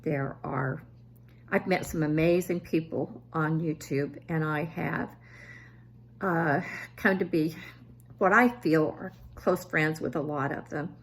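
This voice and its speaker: This is a seventy-something woman vlogging about her family in a low, husky voice at a slow pace. She jokes at her own expense and becomes lively when imitating what her family said.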